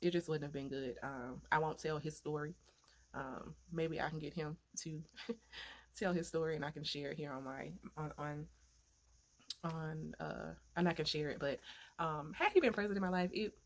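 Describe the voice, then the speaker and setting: A woman's voice: low voice, normal speed. A woman vlogger telling a heartfelt personal story in an earnest way, repeating phrases for emphasis and turning to faith-filled encouragement.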